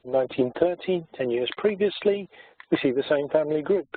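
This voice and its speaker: A man's voice: on the high side, lively intonation, a little fast, husky, no room sound. Hesitant man on a tinny line. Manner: hesitant, many fillers. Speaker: genealogy society chairman giving a talk. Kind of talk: presentation talk. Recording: tinny phone-like sound.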